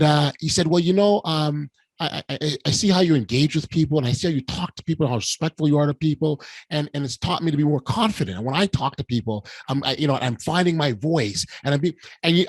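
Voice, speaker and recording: A middle-aged man hosting a podcast conversation tells a story animatedly and with emotion, stammering through lots of restarts. His voice is on the high side, and the recording has no room sound.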